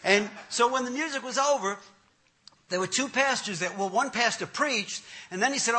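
A man's voice: sits high, normal speed. A man, an entertainer, telling his testimony as a comic story, laughing as he goes. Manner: animated, laughing through the story.

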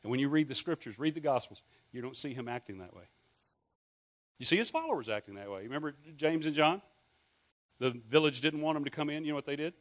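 A man's voice: a little high, expressive, quick pace. A middle-aged Scottish man preaching a sermon in a conversational way, asking the congregation questions and adding joking asides. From Scotland. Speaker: pastor.

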